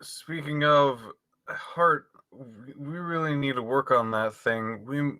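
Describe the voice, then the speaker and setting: Player man, bright lively voice, dry close sound. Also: medium pitch, slow pace, clear, resonant tone, no echo. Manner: laughing, easygoing in-character talk. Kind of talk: casual tabletop play.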